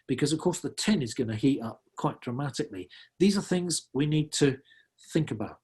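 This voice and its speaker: A man's voice: mid-range voice, a little mellow, breathy edge. A middle-aged man gives an earnest, conversational wildlife presentation, often restarting his sentences. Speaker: wildlife conservationist giving a talk. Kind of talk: illustrated public presentation.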